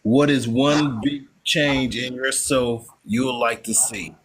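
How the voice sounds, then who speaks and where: A man's voice: medium pitch, fairly even intonation, takes it slowly. A man co-hosting a casual group podcast, easygoing and often repeating himself.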